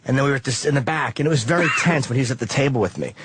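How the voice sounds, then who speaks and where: A man's voice: medium pitch, racing, noisy background. A man telling profane stories in casual chat, speaking with admiration. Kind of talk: casual storytelling.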